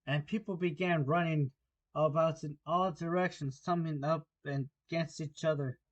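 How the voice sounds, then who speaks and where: A man with a shrill voice narrating an audiobook of a storybook, with occasional slips and restarts. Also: fairly even intonation, measured pace.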